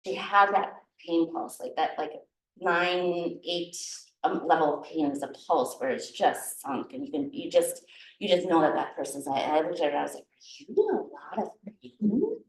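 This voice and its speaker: A woman's voice: deep voice, moderate pace, distant mic. Woman herbalist rambling happily thru a story, lots of laughs n restarts, roomy echo. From Minnesota. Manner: chatty, laughing, many restarts and fillers. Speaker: herbalist teacher. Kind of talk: casual talk to a guild audience. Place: room at a guild meeting. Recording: echoey room.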